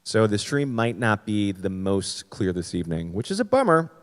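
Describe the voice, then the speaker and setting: Streaming from home, this man runs his weekly comedy-music livestream in a lowish, sing-song voice at a normal speed. A long reverb tail trails his words as he rambles, mocking himself and telling crude jokes in casual banter.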